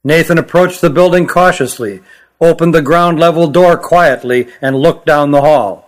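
A man narrating his own novel as an audiobook, in a steady, measured reading. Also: a little high.

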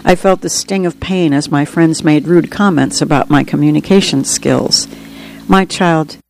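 A woman's voice: deep voice, moderate pace, gravelly, darkish tone, slight background noise, rough recording. A woman author reading her own book aloud in an earnest, reflective first-person storytelling manner. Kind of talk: audiobook reading.

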